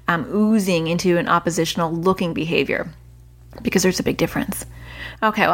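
A woman's voice: mid-range voice, a bit bright. A woman hosting a solo parenting podcast, giving earnest advice in a chatty way and correcting herself as she goes. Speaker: parenting coach and podcast host.

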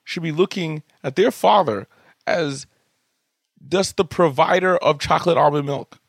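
A young adult man hosting a podcast, telling comic stories about his kids in an animated, jokey way and swearing casually. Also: fairly high pitch, measured pace, creaky, no echo, studio quality. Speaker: podcast host. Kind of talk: comedic storytelling monologue. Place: home studio room.

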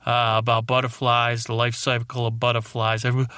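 A man voicing a loudmouth male butterfly who rants angrily at humans in a brash, rambling way with a put-on tough-guy accent. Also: mid-range voice, completely flat delivery, rapid-fire, smooth, dry recording, clean studio sound, natural voice. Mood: irritated. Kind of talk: comedic character monologue.

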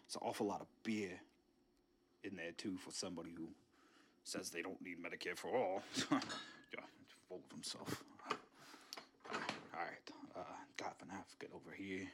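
A man's voice: deep voice, steady tone, normal speed, long pauses, very noisy, voice pushed down, lightly acted. A man voicing a brash older male politician who rambles and stammers while sneaking around a house, in a comedy sketch. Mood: sneaky. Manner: rambling, stammering, repeats words.

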